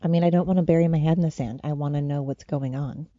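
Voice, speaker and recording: A woman's voice: sits low, fairly even intonation, fast talker, warm tone, no echo, highs cut off. A woman hosting a solo podcast from home, ranting in a profane, rambling, worked-up way. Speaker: podcast host. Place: at home with her dogs.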